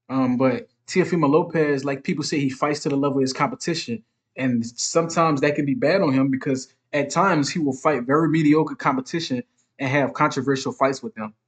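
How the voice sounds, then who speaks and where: Casual man breaking down boxing. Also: mid-range voice. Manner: conversational, keeps checking in with "right?". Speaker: boxing commentary channel host. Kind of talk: casual solo boxing commentary.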